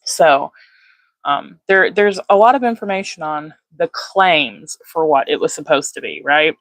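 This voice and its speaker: A woman's voice: deep voice, expressive, unhurried, a bit bright, no room sound. A woman hosting a casual livestream from her phone, rambling with lots of fillers and greeting viewers by name. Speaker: livestream host. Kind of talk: casual live chat.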